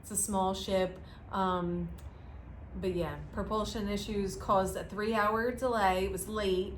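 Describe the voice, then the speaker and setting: A woman's voice: mid-range voice, steady tone, a little slow, a little hiss or hum. A woman co-hosting a casual cruise news chat, talking in a loose, hedging way as she reads out stories. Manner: chatty, hedging with "I guess" and "I don't know". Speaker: co-host of a cruise news show.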